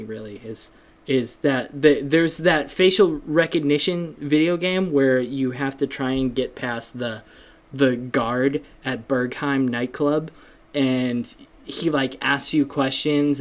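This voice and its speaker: Rambling man hosting a casual podcast. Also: medium pitch. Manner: rambling, self-deprecating, lots of fillers and restarts. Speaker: podcast host. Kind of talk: casual solo podcast chat.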